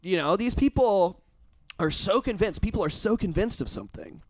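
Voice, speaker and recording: A man's voice: sits high, expressive, normal speed, dry recording. Man chatting, rambling and swearing, dry sound. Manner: rambling, swears a lot, emphatic. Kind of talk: casual chat.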